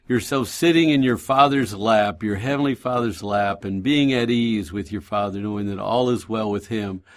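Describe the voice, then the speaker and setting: Calm, gentle man sharing faith talk. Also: medium pitch. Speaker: radio show host. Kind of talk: encouraging faith talk and storytelling.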